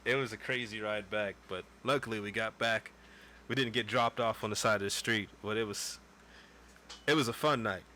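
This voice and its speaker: A man's voice: on the low side, fairly even intonation, normal speed, sharp tone, a little hiss or hum. A man in his twenties casually telling a long story on a podcast, loose and profane, acting out what people said. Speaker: podcast co-host.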